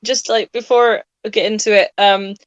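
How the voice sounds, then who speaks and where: A woman's voice: medium pitch, fairly even intonation, moderate pace, dry recording, highs cut off. Sleep-deprived woman in her late twenties chatting. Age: late 20s. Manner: rambling, laughs often. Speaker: podcast co-host. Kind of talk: casual chat.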